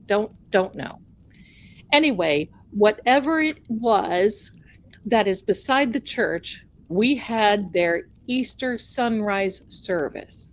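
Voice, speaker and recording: A woman's voice: mid-range voice, animated, slow. A woman hosting a live stream who tells a chatty, folksy, self-mocking story. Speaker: livestream host.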